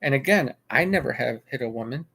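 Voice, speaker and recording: A man's voice: medium pitch, expressive, a little fast, vocal fry, pushed and bright, slightly rough. A man casually recounting a video he watched, rambling, restarting his sentences and repeating himself. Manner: rambling with frequent restarts and filler. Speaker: vlogger. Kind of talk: casual spoken commentary.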